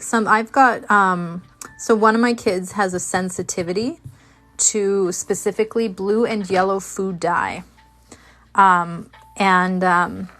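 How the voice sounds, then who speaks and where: A woman's voice: mid-range voice, a bit bright. A woman hosting a crafting video, chatting casually while she works, rambling with lots of fillers and restarts. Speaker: crafting channel host.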